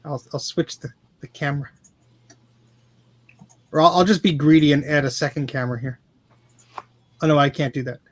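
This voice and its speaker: An excitable man talks through a live computer repair, laughing often and poking fun at himself. His voice runs high for a man. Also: moderate pace, long pauses. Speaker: guest repairing vintage computers. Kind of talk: casual livestream chat while repairing.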